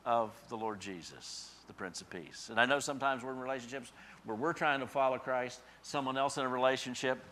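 A male pastor giving a sermon, building to loud emphatic peaks and dropping to soft, quiet endings. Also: medium pitch, brisk, a little hiss or hum.

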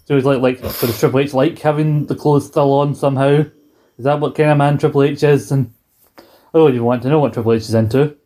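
A man's voice: mid-range voice, fairly even intonation, fast, mellow. A man co-hosting a casual podcast, rambling playfully through a wrestling recap and acting out lines. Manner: rambling, playful, acts out quotes. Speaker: podcast co-host.

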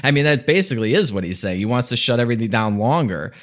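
A man's voice: medium pitch, animated, quick pace. A man hosting a podcast, giving opinionated political commentary in a casual, conversational way, often laughing as he talks. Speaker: podcast host.

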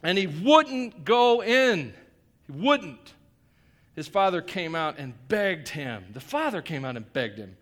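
A man's voice: sits high, sing-song, takes it slowly, fairly bright tone. A male pastor preaching a sermon in a conversational way, with joking asides and emphatic repetition.

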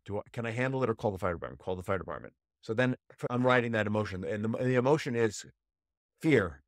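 A man hosting a podcast, telling a personal story and coaching listeners, shifting from low quiet tones to raised, heated voices when acting out emotions. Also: no room sound, studio quality. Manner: storytelling, acts out inner voices with rising pitch; drops to a low quiet voice for calm moments. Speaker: podcast host. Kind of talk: coaching monologue.

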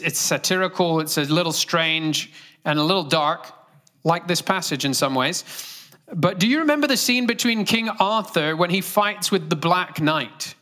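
A man's voice: sits high, sharp tone. A male pastor delivering a sermon earnestly, engaging the congregation with direct questions.

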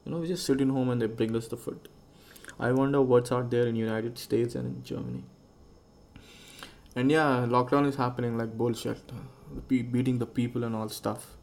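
A man's voice: mid-range voice, steady tone, normal speed, a little mellow. A young man hosting a casual solo podcast, rambling and musing aloud and swearing freely. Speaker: podcast host.

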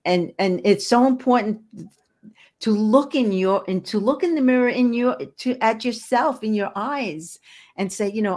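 A woman's voice: on the high side, normal speed, a little mellow. An older woman guest, an energy healer, talking earnestly in an interview and often repeating words as she searches for them. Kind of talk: casual interview talk.

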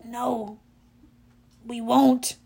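A woman voicing an exhausted young male satyr in a storybook reading, speaking quietly and mournfully. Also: fairly high pitch, steady tone, slow, creaky, husky, heavily acted. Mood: miserable. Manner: quiet, hushed, mournful delivery.

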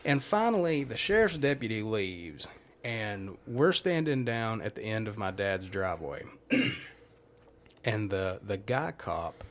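A young man with a drawl spins a long anecdote for his friends. His voice sits slightly low. He swears casually and acts out every quoted exchange. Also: lively intonation, measured pace. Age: young adult. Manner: profane, rambling anecdote with quoted dialogue. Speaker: podcast host. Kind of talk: casual storytelling among friends.

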